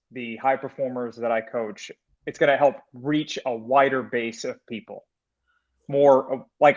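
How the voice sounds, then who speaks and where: A man's voice: mid-range voice, muffled recording. A man, a life coach chatting casually as a podcast guest and calling everyone "man". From United States. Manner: easygoing, calls everyone "man". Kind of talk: casual chat.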